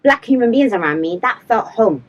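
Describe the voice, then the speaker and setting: A woman's voice: on the high side, lively intonation, fairly quick, muffled recording. A woman, a podcast guest telling stories in a casual interview and animatedly acting out the people in them. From London.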